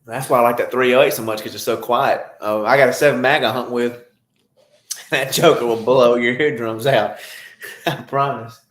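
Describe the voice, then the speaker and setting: A man's voice: mid-range voice, steady tone, normal speed, fairly bright tone. Laid-back man in a roomy space. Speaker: podcast guest, game warden. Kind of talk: casual chat.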